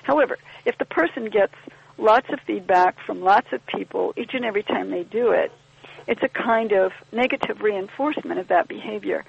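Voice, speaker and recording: Gravelly, husky woman on a podcast. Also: medium pitch, moderate pace. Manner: thoughtful, wry, acts out little quoted exchanges. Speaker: podcast guest explaining community living. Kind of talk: conversational explanation. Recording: dull lo-fi podcast audio.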